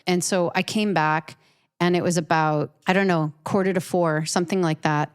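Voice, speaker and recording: A woman with a lower voice and a smooth, resonant tone tells a personal story to an interviewer. She is earnest and emotional, and she often restarts and repeats words as she goes. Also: steady tone, moderate pace. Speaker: professional artist, interview guest.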